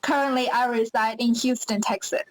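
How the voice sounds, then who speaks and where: Young woman, Chinese accent, high voice, upbeat chatty podcast guest, dry close sound. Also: steady tone, moderate pace, dry recording, poor audio. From China. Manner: upbeat, chatty with many fillers. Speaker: pageant winner guest. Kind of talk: podcast interview.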